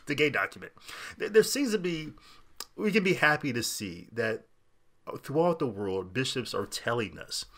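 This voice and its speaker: Lively, bright-voiced man ranting. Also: lowish voice. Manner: animated, laughing, mocking impressions. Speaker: podcast host. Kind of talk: unscripted commentary.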